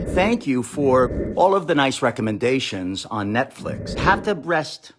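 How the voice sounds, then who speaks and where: Wry man riffing with lively pitch. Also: moderate pace, few pauses, background noise. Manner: sarcastic, rambling asides, mock quotes. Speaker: comedian streaming live to followers. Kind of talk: comic live-stream monologue. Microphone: phone or webcam live stream.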